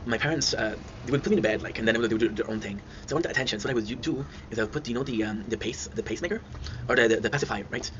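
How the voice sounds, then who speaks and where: A man tells rambling childhood stories at a quick clip, laughing often. The recording is dull and lo-fi, with steady noise behind him. His voice sits in an ordinary middle pitch. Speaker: channel host. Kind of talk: casual storytelling. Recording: dull lo-fi sound with clear noise.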